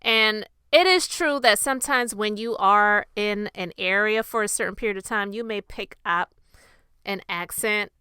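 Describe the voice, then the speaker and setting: A woman's voice: mid-range voice, moderate pace, pushed and bright, clear, resonant tone, no room sound. A woman hosting her own commentary podcast, talking straight to her listeners in a chatty, opinionated way. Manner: chatty, opinionated, addresses the audience directly. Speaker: host of a commentary channel and podcast. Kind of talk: casual commentary monologue.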